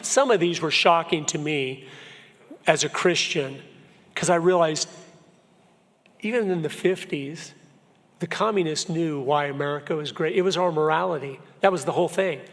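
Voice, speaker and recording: A man's voice: fairly high pitch, moderate pace, a bit bright. A man in his fifties from Florida, giving an earnest, emphatic church talk full of personal stories. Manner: earnest storyteller, emphatic, shifts pace a lot. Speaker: guest speaker. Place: church sanctuary. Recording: long hall reverb.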